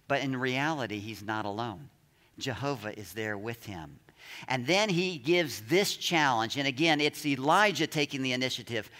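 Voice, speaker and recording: A man preaching a sermon, reading scripture aloud and dramatizing the shouts of the story. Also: mid-range voice, big-room sound. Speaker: pastor.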